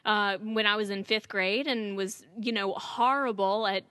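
A woman's voice: medium pitch, a little slow, no echo. Earnest woman from Alabama, dry close sound. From Alabama, US South. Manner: earnest, animated, often says "let me tell you". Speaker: guest. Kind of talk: interview conversation.

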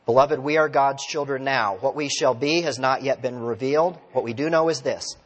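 A male pastor preaching a sermon in a relaxed, conversational way, telling stories and asking the congregation questions. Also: medium pitch, normal speed, muffled recording. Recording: long reverb of a large hall.

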